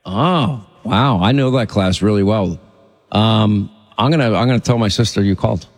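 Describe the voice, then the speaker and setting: A man hosting a call-in radio show, chatting briskly with a caller and cutting in to keep things moving. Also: fairly low pitch, in a large hall. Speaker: radio talk show host.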